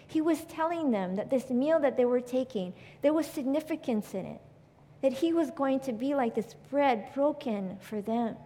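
A woman preaching a sermon, earnest and storytelling, growing quieter when she quotes scripture. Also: fairly high pitch, long reverb tail.

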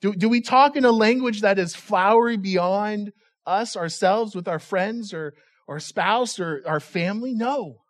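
Pastor guy, highish voice, chatty joking sermon, stumbles and repeats words. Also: a little slow. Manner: casual, humorous, repeats words as he restarts. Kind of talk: conversational sermon.

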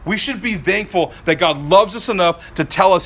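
A man in his thirties preaching a sermon as pastor, animated and swinging between soft, slow passages and loud, quick ones. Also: high voice.

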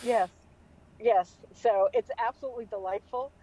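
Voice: mid-range voice, moderate pace, mellow, breathy edge, rough recording. A co-host of a podcast, chatting casually and easily amused. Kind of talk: casual chat.

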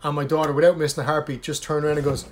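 A man's voice: fairly high pitch, flat delivery, very fast. A man in casual chat with a friend, ranting animatedly and swearing heavily.

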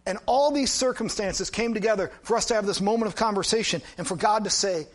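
A middle-aged male pastor with a notably high voice preaches in a relaxed, conversational way. He tells a personal story with lively asides, as if talking to friends. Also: fast talker. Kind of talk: storytelling sermon.

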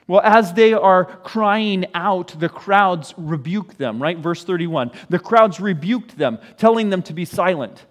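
A man's voice: high voice, animated, unhurried, few pauses. A man preaching a sermon in an earnest way, often putting questions to his listeners. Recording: echoey hall.

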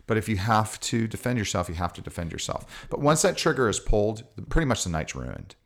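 A man's voice: lowish voice, big pitch swings, a little fast. A man in casual conversation, speaking in an earnest, reflective way. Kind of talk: casual chat.

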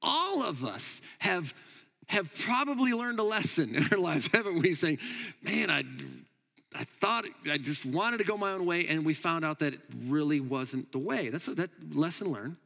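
A man preaching a sermon as pastor, emphatic, moving between loud urging and quiet asides. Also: fairly high pitch, animated, moderate pace, creaky, in a large hall. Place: church hall.

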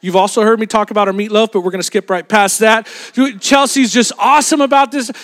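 A man's voice: high-pitched, steady tone, fast talker, fairly bright tone. A young man preaching a sermon as a pastor, telling a Bible story in a casual, humorous way and acting out the voices of the people in it.

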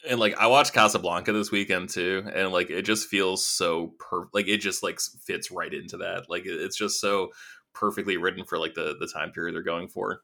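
A man hosting a casual film podcast, animated and swearing freely as he acts out quoted lines. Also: low-pitched, moderate pace, creaky. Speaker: podcast host. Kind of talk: casual chat.

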